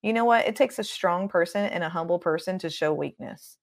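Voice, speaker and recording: Middle-aged woman minister on a podcast, a little low-pitched, urges listeners in a fervent preaching manner. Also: a little fast. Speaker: guest minister. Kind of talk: podcast interview.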